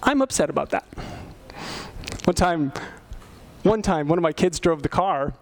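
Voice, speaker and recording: Man, middle-aged, pastor, sermon, high-pitched, conversational, questioning the audience. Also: unhurried.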